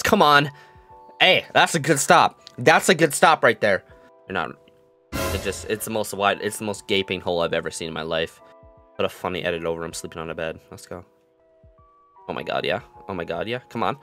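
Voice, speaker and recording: A young man giving live commentary on his own football video game, muttering plays, then yelling and gloating in a sing-song voice. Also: deep voice, fairly quick, soft background music. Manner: excitable, swings from mutters to yelling. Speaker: gaming commentator.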